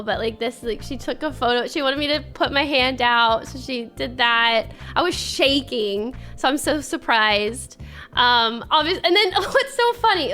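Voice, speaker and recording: Young female streamer, casual chat and giggly storytelling, a bright voice with faint music behind it. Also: high voice. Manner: reads chat and thanks viewers.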